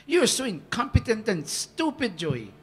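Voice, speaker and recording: A man's voice: high-pitched, wildly swooping pitch, normal speed, fairly bright tone, husky, big-room sound, voice pushed up, full character voice. A man doing a harsh, barking inner voice. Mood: scornful. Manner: insulting, barking tone. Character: harsh scolding man, the dog within.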